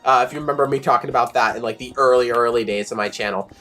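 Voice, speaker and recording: Woman streamer, deep voice, chatty and laughing, faint background music. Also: racing, fairly bright tone. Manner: chatty, demonstrating voices, frequent laughs and fillers. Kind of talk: casual chat on a game stream.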